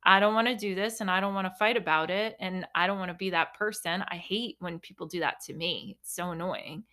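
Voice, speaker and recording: Bright, chatty woman podcast host. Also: lowish voice, a little fast. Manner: chatty, animated storytelling with playful self-mockery. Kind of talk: casual solo podcast monologue.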